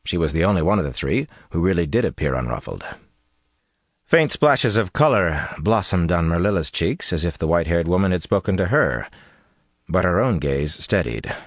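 A man reading a novel aloud as narrator, in a measured, expressive way. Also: low voice, dry recording, clean studio sound. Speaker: audiobook narrator. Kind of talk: scripted narration.

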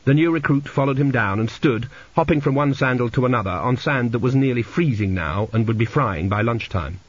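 A man narrating a comic fantasy audiobook in a dry, measured storytelling manner, in a lo-fi recording. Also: mid-range voice, animated, slightly rough, dry recording. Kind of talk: scripted narration.

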